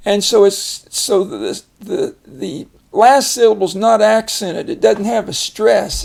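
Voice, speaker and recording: Slow gravelly older man teaching phonics. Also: high voice, a little mellow. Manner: slow, patient, explains word by word. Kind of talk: casual reading lesson.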